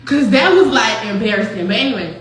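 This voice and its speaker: A young woman hosting a show, telling a story in casual, profane, animated talk with frequent laughter. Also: a little high, a little fast. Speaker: host. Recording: very echoey room with faint noise.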